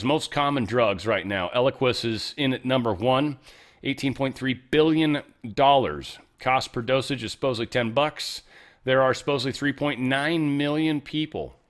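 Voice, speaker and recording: A man's voice: mid-range voice, fairly bright tone. A man hosting a show, giving casual political commentary in a blunt, rambling way with frequent profanity. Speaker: show host.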